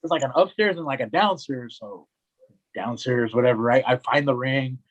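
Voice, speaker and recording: A man's voice: medium pitch, moderate pace, dull audio, a little hiss or hum. A young man, a wrestling commentator, telling a story in a casual podcast chat and acting out the voices of the people in it. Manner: animated, acts out quoted voices, lots of "right?" and "man".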